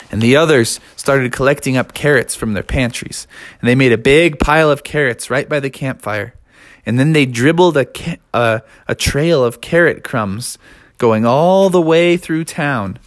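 A man's voice: mid-range voice, measured pace. A man narrating an improvised children's story in a playful, sing-song way.

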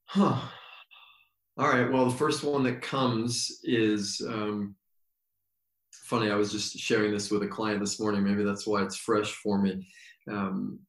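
A man guest on an interview, telling stories in a reflective, meandering way and slowing down for emphasis. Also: lowish voice, little pitch movement. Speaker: yoga teacher, podcast guest. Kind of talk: relaxed storytelling interview. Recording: roomy echo.

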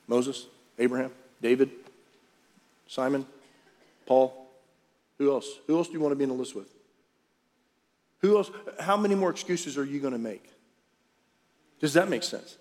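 With a darkish tone and medium pitch, a pastor speaks at normal speed but pauses often. He preaches chattily and directly, questioning the congregation, and the large auditorium's reverb carries faint music behind him.

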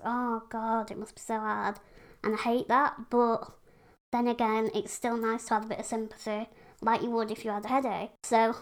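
A woman from England talking frankly and casually as a podcast guest, with lots of "like" and "you know". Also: fairly high pitch. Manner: chatty, frank, lots of fillers. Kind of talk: casual conversation.

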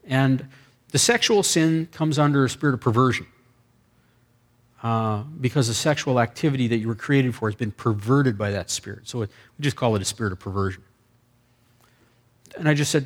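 A man who is a pastor telling a deliverance-prayer story in a sermon, acting out the dialogue with lively asides. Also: mid-range voice, a little fast.

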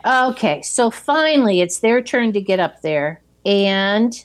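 Middle-aged woman, calm storyteller, mid-range voice, casual chat. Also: mid-range voice, a little slow. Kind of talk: casual chat recapping a film.

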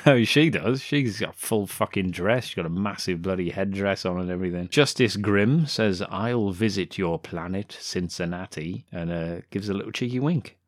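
A man's voice: sits low, expressive, normal speed, hardly any pauses, no room sound, clean studio sound. A man co-hosting a podcast, retelling a film plot in a sweary, sarcastic casual chat. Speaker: podcast co-host.

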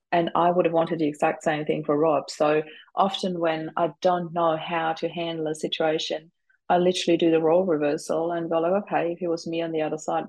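A woman talking as an interview guest, calm and measured, thoughtful in her reflective conversation. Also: low voice, vocal fry, breathy edge, rough recording.

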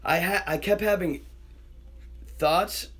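Animated young man. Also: high-pitched, slow pace, husky. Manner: animated, swears constantly, acts out quoted voices. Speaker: podcast guest storyteller. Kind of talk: casual storytelling chat.

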